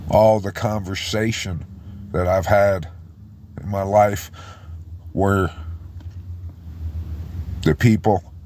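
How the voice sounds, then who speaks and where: A man giving an informal sermon, choked up and halting, often restarting his words. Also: low-pitched, a little mellow, a little hiss or hum. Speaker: preacher.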